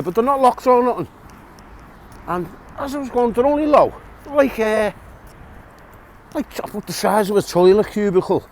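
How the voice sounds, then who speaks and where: His voice is a little high, gravelly, and somewhat mellow, with a little hiss or hum in the recording. The middle-aged English vlogger walks a dog outdoors while casually telling a long, rambling prison story, restarting and chuckling along the way.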